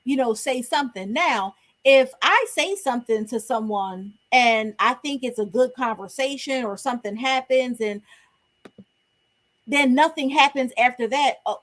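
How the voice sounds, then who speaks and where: A woman's voice: a little high, unhurried, fairly bright tone. A woman co-hosting a casual podcast chat, talking in a reflective, advice-giving way. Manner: earnest, reflective, gives advice. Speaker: podcast co-host.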